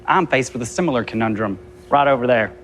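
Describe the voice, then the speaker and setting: An actor playing a chipper, fussy small-town churchgoer who talks in a prim, sing-song way, from a TV sitcom. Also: male voice, medium pitch, animated, quick pace, a bit bright, natural voice. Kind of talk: TV sitcom acting.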